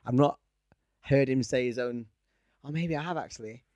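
A young man chats loosely as co-host of a podcast, drifting from thought to thought and laughing often. His voice sits at an ordinary middle pitch. The sound is dry and close. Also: normal speed, a little mellow, dry recording. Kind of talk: casual chat.

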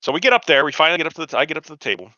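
A man's voice: a little high, sing-song, rapid-fire, sharp tone, dry recording, dull audio. A man in his forties telling a long, profane, rambling anecdote on a casual podcast, acting out the quotes of people he met. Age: 40s. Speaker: podcast host. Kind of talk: casual storytelling chat.

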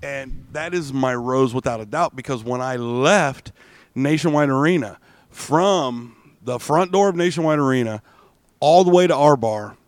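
A drunk man co-hosting a podcast, talking in a rowdy way and swearing constantly as he tells a story. His voice is mid-pitched and recorded close and dry, with no room sound. Now and then he bursts out loud. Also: normal speed, dry recording. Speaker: podcast co-host. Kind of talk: casual chat.

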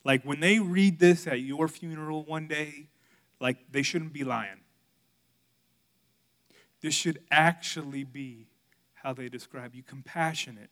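Bright-voiced pastor preaching a candid sermon. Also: male voice, a little high, a little slow, pauses often. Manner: candid storytelling, swings from loud to hushed.

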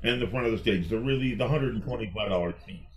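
A middle-aged man, a magician guest, telling personal stories in a chatty, animated way and often restarting his phrases. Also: on the low side, fast, heavy background noise. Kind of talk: personal storytelling in conversation.

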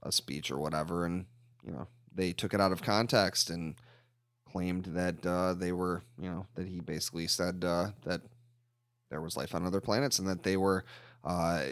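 A man's voice: low voice, steady tone, moderate pace, dry recording, studio quality. A man co-hosting a podcast, rambling casually with many fillers and curse words. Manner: rambling, lots of fillers and swearing. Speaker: podcast co-host. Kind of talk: casual chat.

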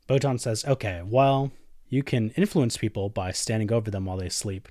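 A man's voice: lowish voice, normal speed, darkish tone, no room sound, studio quality. A man hosting a podcast, casually recapping episodes and swearing often, jumping into characters' lines. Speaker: podcast host.

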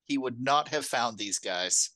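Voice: medium pitch, animated, unhurried, bright, forceful tone, no room sound. Wry podcast co-host, dry close sound. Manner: wry, jokes through plot recaps, laughs often. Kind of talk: casual film discussion.

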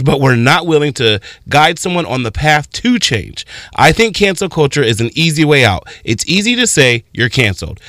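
An impassioned male radio co-host speaking at a middling pitch, talking through his point with many restarts. The sound is dry and close, with no room in it. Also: fairly bright tone, no echo. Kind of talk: casual radio chat.

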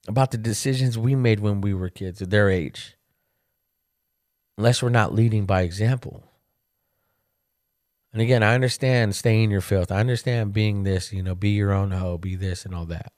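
A podcast host with a lowish voice delivers a casual monologue at normal speed, recorded dry and studio-clean. Candid and loose, he keeps saying "man" and grows animated when retelling funny family stories.

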